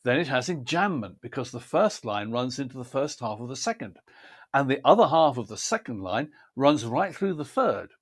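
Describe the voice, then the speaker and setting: A man giving a measured, precise talk on how to prepare a poem for reading aloud. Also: medium pitch, very animated, slightly rough. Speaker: poetry reading teacher. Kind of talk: scripted instructional talk.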